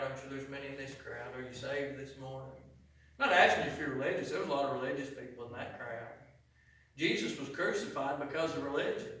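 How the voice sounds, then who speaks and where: A man preaching an impassioned sermon in a church, swelling loud and dropping quiet. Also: mid-range voice. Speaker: pastor. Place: church sanctuary. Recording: echoey church heard from a distance.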